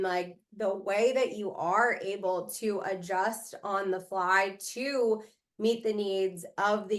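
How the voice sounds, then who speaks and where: A woman hosting a podcast interview who chats casually and gushes with praise for her guest. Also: mid-range voice. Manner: effusive, full of praise. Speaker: podcast host.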